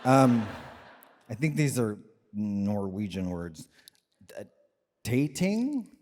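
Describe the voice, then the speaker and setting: On stage at a live comedy podcast, a man co-hosts with a fairly low, darkish, sing-song voice at a slow pace, rambling with lots of filler words and swearing. The venue sound is reverberant, with faint noise.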